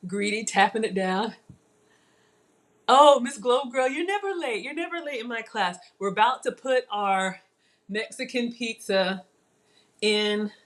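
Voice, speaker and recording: Her fairly high voice comes a little slow, with long pauses, as this woman runs a chatty live cooking class. Warm, lively, and animated, she talks to her viewers while she works, playfully teasing herself along the way.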